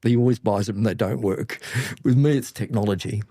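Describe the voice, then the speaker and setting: Older Australian man, warm blunt storyteller. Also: on the low side, brisk, dry recording, studio quality. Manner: animated anecdotes, blunt and salty. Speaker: podcast guest, business mentor. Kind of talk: casual interview storytelling.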